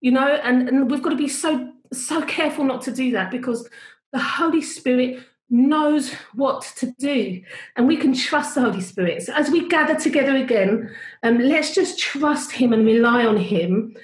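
A woman's voice: sits high, moderate pace. Chatty woman telling a story in an echoey room. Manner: chatty, animated, self-interrupting. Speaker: worship leader. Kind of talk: casual storytelling on a video call. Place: at home.

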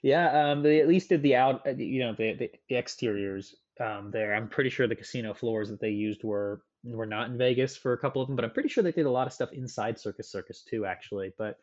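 A man's voice: medium pitch, fairly quick, few pauses, a little mellow, lo-fi sound. A man guesting on a podcast, telling stories in an enthusiastic, chatty way. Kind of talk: casual chat.

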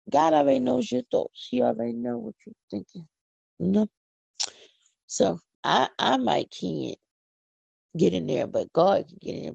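A middle-aged woman from Philadelphia with a Philadelphia accent, hosting a casual, preachy podcast monologue with excited whoops. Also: mid-range voice, moderate pace, vocal fry, long pauses, breathy edge, dry recording. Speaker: podcast host. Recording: dull lo-fi audio.

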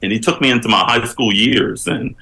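A man, a guest on an interview show, telling his life story with animated, preacherly emphasis that climbs as he builds a point. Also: medium pitch, brisk, low-quality recording.

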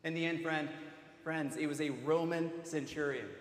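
A man leading a slow, solemn Good Friday sermon as a student ministry director, with dramatic pauses. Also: on the high side, fairly even intonation. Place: cathedral. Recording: echoey church hall.

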